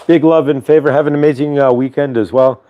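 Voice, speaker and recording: A man's voice: a little high, fairly even intonation, quick pace, highs cut off. A man hosting a spiritual morning livestream, talking loosely with many fillers and leading guided breathing on a clip-on mic at home. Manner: loose, rambling, full of filler words. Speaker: host of a spiritual morning show. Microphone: clip-on lapel mic.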